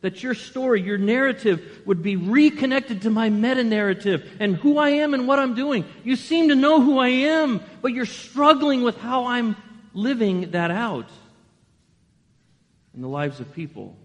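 A man's voice: extremely high pitch, moderate pace, long reverb tail, pitched above the performer's own voice. A man voicing God as an earnest, pleading figure who reasons with a stubborn prophet.

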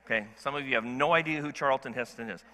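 A male pastor preaching a sermon in an animated, conversational way, asking the congregation questions. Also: mid-range voice, fast, long reverb tail. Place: church sanctuary.

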